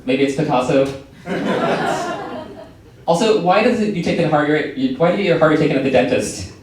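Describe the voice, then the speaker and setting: A young man doing a stand-up set on a comedy club stage, delivering dry, deadpan one-liners into a stage microphone. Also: fairly high pitch, a little fast. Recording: echoey club, mic from far, noisy.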